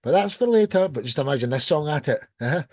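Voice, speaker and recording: A man's voice: a little high, animated, quick pace, a little mellow, dry recording. A man from the United Kingdom hosting a rock podcast, enthusiastic and loose. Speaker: radio show host.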